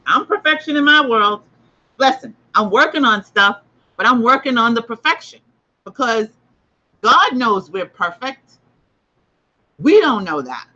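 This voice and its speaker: A woman's voice: fairly high pitch, animated, a little slow, long pauses, pushed and bright, dull audio. A woman hosting a livestreamed spiritual book discussion, emphatic and repetitive as she makes her points. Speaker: host.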